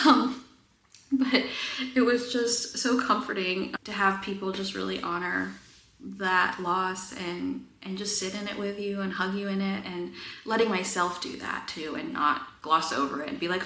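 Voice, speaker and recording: A woman in her thirties talks candidly and earnestly to her viewers, her voice bright and clear. She fills her talk with little fillers and soft laughs. The room gives her voice a roomy echo. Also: mid-range voice, steady tone, normal speed. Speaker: vlogger. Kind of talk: personal talk to camera.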